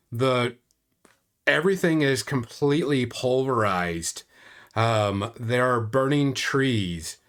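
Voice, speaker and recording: Brief: relaxed male game master narrating a tabletop scene at a slow pace. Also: mid-range voice. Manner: casual, drawn-out storytelling.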